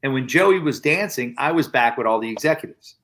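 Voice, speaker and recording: A man's voice: medium pitch, animated, a little fast, a bit bright. A man co-hosting a casual chat, telling backstage anecdotes. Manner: chatty anecdote teller. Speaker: co-host, manager.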